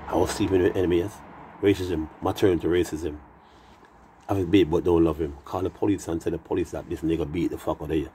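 A man's voice: deep voice, fairly even intonation, fast, dark tone, a little hiss or hum. A man rambling in a profane monologue that drifts into half-sung rhymes.

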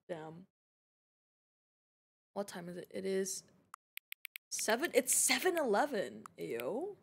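A woman's voice: mid-range voice, huge pitch swings, slow, vocal fry, pauses often, slightly rough. A young woman streaming a game, chatting to her viewers in a giggly, teasing, playful way. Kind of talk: casual gaming live-stream chat.

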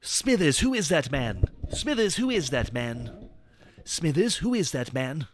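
A man impersonating a frail, grumpy old rich boss in an animated cartoon. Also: fairly high pitch, a little slow, a little hiss or hum. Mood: imperious.

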